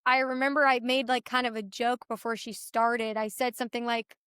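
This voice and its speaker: A young woman guest telling her story in a casual chat, animated and full of fillers, acting out what others said. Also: on the high side, fairly quick, clean tone, no room sound, clean studio sound. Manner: animated retelling, acts out others' dialogue; filler-heavy, restarts often. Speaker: podcast guest.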